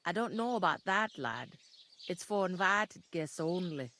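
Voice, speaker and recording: A woman's voice: fairly low pitch, animated, unhurried, pushed and bright, a little hiss or hum. A woman voicing a chatty, earthy village tavern keeper in a game, talking in a folksy, gossipy way. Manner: gossipy, homely, folksy talk.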